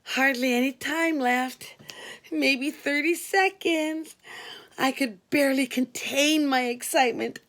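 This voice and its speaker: A woman reading a novel aloud in an expressive way, doing voices for the characters. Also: high voice, slow. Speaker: audiobook reader.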